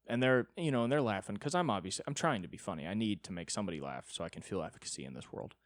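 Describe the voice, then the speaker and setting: A young man with a lowish voice tells a rambling comic story on his own podcast, profane and self-mocking. The sound is close and dry, with no room around it. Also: animated, very fast, few pauses, dry recording. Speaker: podcast host, comedian. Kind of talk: solo comedic storytelling.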